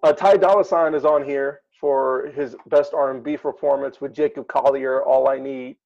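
A man's voice: mid-range voice, fairly even intonation, normal speed, gravelly. Hesitant man, muffled audio. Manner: hesitant, many fillers while reading lists. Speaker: podcast co-host. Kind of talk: casual chat.

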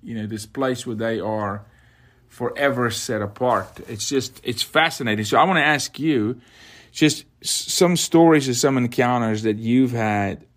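A man's voice: mid-range voice, a little slow, a bit bright. A man hosting a faith podcast, speaking in an impassioned, exhorting way. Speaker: podcast host.

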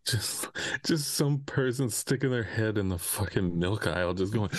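A man on a podcast throwing in crude quick jokes and interjections. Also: animated, no echo. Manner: crude quips, swings between deep and squeaky voices. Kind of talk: casual chat.

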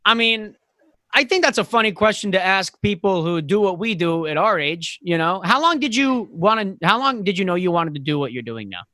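A man's voice: high-pitched, lively intonation, brisk, bright, forceful tone, no room sound. A young man co-hosting a casual comedy podcast, reading listener questions, laughing often and joking crudely.

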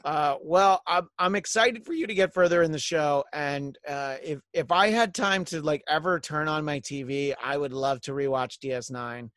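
A man hosts a relaxed chat show, his voice a touch high and sitting very close and dry in the sound. He rambles, trails off and restarts his thoughts with plenty of fillers. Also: moderate pace, hardly any pauses, no room sound. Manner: rambling, hesitant with many fillers. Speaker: host. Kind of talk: casual chat.

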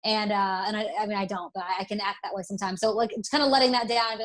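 A young woman from Alabama talks as an interview guest, candid and self-deprecating, with only a faint Southern accent left. Her voice sits at an ordinary middle pitch, and she often breaks off and restarts her sentences. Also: fairly even intonation, very fast. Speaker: interview guest, broadcast presenter. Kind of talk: casual interview.

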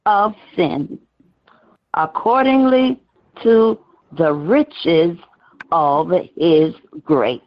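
A woman reading scripture aloud in church, slow and drawn out, word by word. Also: on the low side, dull audio. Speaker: scripture reader.

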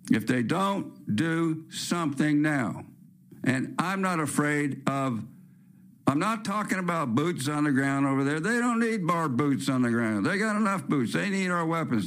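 A man's voice: a little high, a bit bright. Blunt, rambling man hosting talk radio. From California. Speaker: host. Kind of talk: ranting talk-radio monologue.

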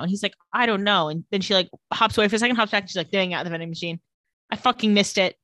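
A chatty woman recaps a TV episode on a podcast, slipping into quick voices for the characters. The recording is dry and close. Her pitch sits mid-range for a woman. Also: no room sound. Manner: lively storytelling, acting out lines in quick voices. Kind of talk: casual chat.

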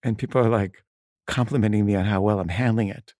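A man's voice: lowish voice, steady tone, fast talker, darkish tone, no room sound, clean studio sound. A man casually telling a personal story, wry and loose, with frequent filler words.

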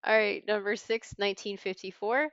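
A woman hosting a trivia podcast, reading clues in a brisk, wry way. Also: mid-range voice, steady tone, a bit bright, smooth, no echo. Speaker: quiz host. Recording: slightly dull lo-fi sound.

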